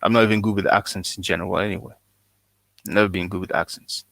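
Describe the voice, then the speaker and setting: A man hosting a live call-in stream, chatting casually with his audience and callers in a relaxed, drawn-out way. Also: sits low, creaky, no echo. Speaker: livestream host taking callers.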